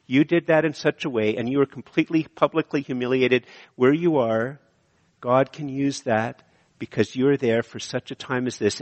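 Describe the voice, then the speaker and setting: A middle-aged man preaching a sermon as pastor, impassioned and repetitive, swinging from hushed lines to loud ones. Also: mid-range voice. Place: church sanctuary. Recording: long hall reverb.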